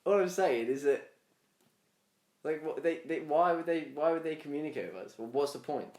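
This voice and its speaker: A man's voice: on the high side, moderate pace. Young guy rambling on a podcast, laughs a lot, echoey room. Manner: rambling, animated, laughs often. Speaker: podcast co-host. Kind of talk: casual banter. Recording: roomy podcast recording.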